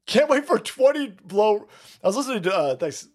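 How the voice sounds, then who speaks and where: A man hosts a livestream with a fairly high voice that swings up and down a lot. He rants in a foul-mouthed, mocking way and laughs often. He thanks people in the chat one after another. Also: big pitch swings, moderate pace. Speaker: livestream host reading chat. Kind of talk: casual ranting chat.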